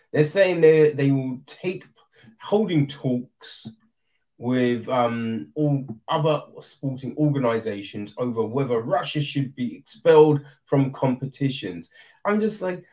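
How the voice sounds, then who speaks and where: Man, casual rant, lively swooping pitch, slow deliberate delivery, swears freely. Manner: exasperated, swearing, rhetorical asides. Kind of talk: casual ranting commentary.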